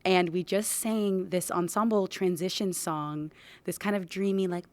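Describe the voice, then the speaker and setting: A young actress tells a casual, lively anecdote, laughing often as she goes. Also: on the low side, normal speed, no room sound. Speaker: actor.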